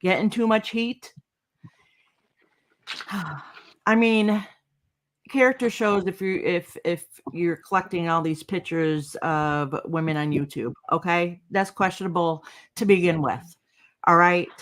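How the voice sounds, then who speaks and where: A woman's voice: lowish voice, takes it slowly. A woman in a casual chat, talking in a blunt, heated way and swearing.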